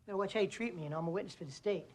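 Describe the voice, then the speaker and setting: An actor playing a jittery, fast-talking male witness who wisecracks and repeats himself in a rapid, pushy patter. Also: high-pitched.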